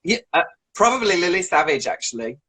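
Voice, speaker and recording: A man, a drag performer, chatting as a guest on a live video call, animated and playful with quick jokes. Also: high voice, breathy edge, poor audio. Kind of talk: casual live video chat interview.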